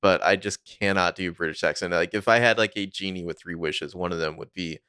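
Relaxed male co-host, lower voice, dry. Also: brisk, clean tone, dry recording. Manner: laid-back, laughing along. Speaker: podcast co-host. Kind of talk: casual chat.

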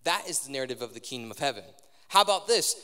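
A man's voice: medium pitch, expressive, quick pace, pushed and bright, smooth. A young man preaching a sermon to a live audience in a large church hall, talking conversationally and quizzing the crowd. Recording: long hall reverb from a live service.

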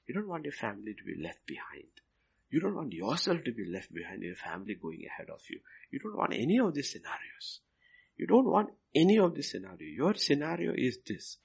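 A man preaching a sermon as a pastor, swinging from loud emphasis down to near whispers and repeating his phrases. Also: mid-range voice, wildly swooping pitch, brisk, creaky, husky.

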